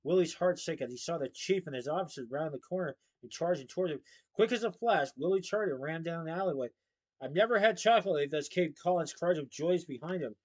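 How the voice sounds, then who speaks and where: With a somewhat high voice, a man reads a children's novel at a brisk, steady, lively storytelling pace, as if reading a chapter at bedtime. The audio quality is poor.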